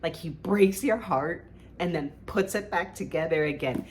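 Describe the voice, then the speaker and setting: Female book vlogger, low voice, effusive and rambling. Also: unhurried, slight background noise. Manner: gushing, rambling, many "like"s. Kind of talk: casual book review chat.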